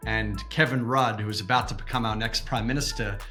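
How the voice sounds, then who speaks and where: A man from Australia tells his story with animated energy, his voice bright and a touch low. He speaks over a video call, with faint music playing underneath. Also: a little fast. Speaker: guest, activist. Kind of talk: storytelling interview answer.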